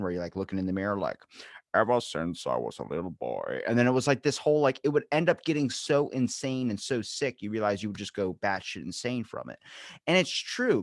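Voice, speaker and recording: A man's voice: on the low side, no echo, studio quality. A young man hosting a podcast, chatting casually, rambling and joking, swearing freely. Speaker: podcast host.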